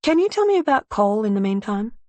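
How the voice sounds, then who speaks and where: A woman's voice: fairly high pitch, sing-song, fast, dark tone, no echo. A woman voicing a withering, dry young woman sleuth. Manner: dry, frustrated, pointed. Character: sharp, wry young woman investigator. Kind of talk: audiobook character reading.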